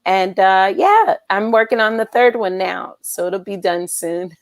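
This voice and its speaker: A woman singer chatting as an interview guest, excited and laughing readily. Her voice sits in a middle range and sounds dry and close, with no room around it. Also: medium pitch, a little slow, no room sound. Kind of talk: casual interview chat.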